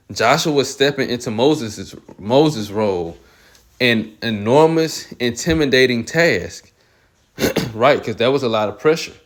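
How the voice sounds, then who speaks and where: A man reading Bible verses aloud and commenting on them, often clearing his throat and restarting phrases. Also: mid-range voice. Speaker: Bible teacher.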